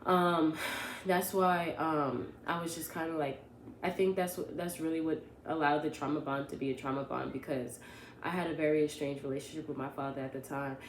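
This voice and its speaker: A young woman tells a casual storytime, animated and rambling, stopping to correct herself as she goes. Her voice sits on the low side. The room around her is echoey, with faint ambience behind. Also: brisk, a little hiss or hum. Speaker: vlogger.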